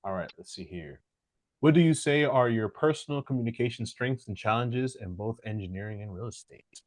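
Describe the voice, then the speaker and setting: A man's voice: medium pitch, lively intonation, brisk, dry recording. A man interviewing a friend, affirming and friendly, with hesitant fillers. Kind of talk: casual interview.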